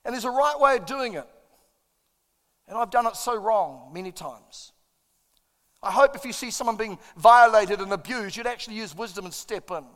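This middle-aged man's voice sits high with a fairly bright tone as he preaches as a pastor. His sermon is impassioned and self-deprecating, told through stories, and the church auditorium adds long, large-hall reverb.

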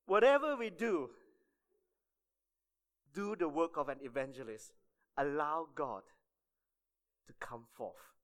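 Man, sermon, storytelling, fairly high voice, very lively intonation, checks in with the audience. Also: slow pace, pauses often. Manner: storytelling, checks in with "okay?" often. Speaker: church staff member preaching.

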